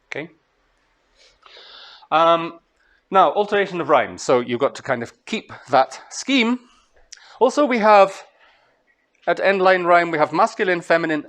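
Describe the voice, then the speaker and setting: A Scottish man giving a master class on translation, talking to students in a lively way and chanting rhythms aloud. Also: a little high. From Scotland. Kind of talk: lecture to students. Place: lecture hall.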